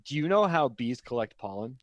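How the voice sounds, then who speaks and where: Excitable, profane podcast guy. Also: mid-range voice, a little fast, no room sound, highs cut off. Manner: excitable, swears freely, laughs often. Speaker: podcast co-host. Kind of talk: casual comedy chat.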